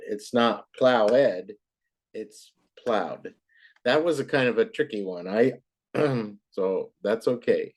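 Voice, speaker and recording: A woman tutoring a child in English, patient and encouraging, repeating words slowly to model them. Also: very deep voice, a little mellow. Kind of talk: online tutoring lesson.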